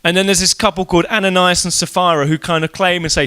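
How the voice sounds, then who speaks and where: Delivering an evening sermon at church, this preacher talks conversationally and tells the story with animation, performing each quoted voice. He sits high in pitch, talks fast and smoothly, and hardly pauses.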